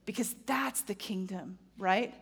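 A woman in her thirties preaching a sermon in a conversational, animated way, often checking in with the audience. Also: medium pitch, unhurried, creaky, slightly rough. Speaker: pastor.

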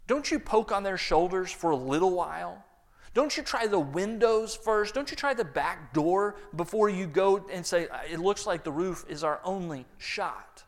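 A man preaching a sermon, acting out the voices in the story and swinging between loud lines and hushed ones. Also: sits high, animated, moderate pace. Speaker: pastor.

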